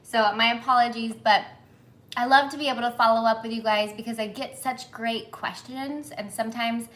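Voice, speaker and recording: A woman's voice: fairly high pitch, fairly even intonation, normal speed, a bit bright. Chatty woman hosting a baking livestream. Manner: chatty, apologetic, reads comments aloud. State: sweating in humid kitchen, flustered. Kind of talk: casual live chat, greeting viewers. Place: home kitchen.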